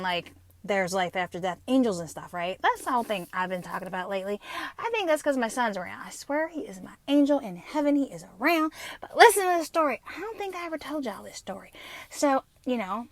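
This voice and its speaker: A woman's voice: a little high, lively intonation, a little fast, a bit bright. A woman in her fifties, hosting her podcast and telling a personal story in a blunt, profane way with many fillers. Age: 50s. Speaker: podcast host.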